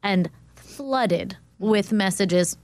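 A woman's voice: medium pitch, a little mellow, no echo. A woman in a casual talk-show chat, responding in an affirming, supportive way. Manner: affirming, supportive, quick to agree.

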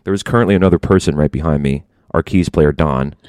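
A podcast host, a man from Alabama, chatting easily from a hotel room with dry, low-key replies. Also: fast, a little mellow, clear, resonant tone, no echo. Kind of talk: casual chat.

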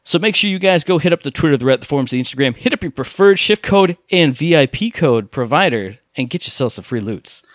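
Excitable man rambling about games. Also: on the high side, fast talker, few pauses, no room sound, studio quality. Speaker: podcast co-host. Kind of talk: casual gaming podcast chat.

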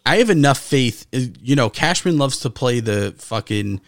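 A man's voice: medium pitch, animated, normal speed, no room sound, clean studio sound. A man co-hosting a casual sports podcast, talking emphatically and swearing often. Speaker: podcast co-host.

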